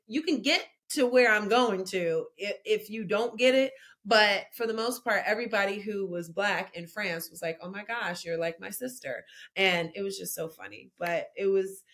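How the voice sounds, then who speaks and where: Woman, 30s, interview guest, conversational, animated storytelling. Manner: animated storyteller, lively pitch jumps when telling anecdotes.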